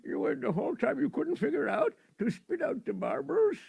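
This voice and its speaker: A man's voice: very high voice, big pitch swings, normal speed, creaky, a little mellow, no echo, pitched above the performer's own voice, full character voice. A man voicing a jolly male court doctor who laughs at his own jokes and brushes patients off. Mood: amused.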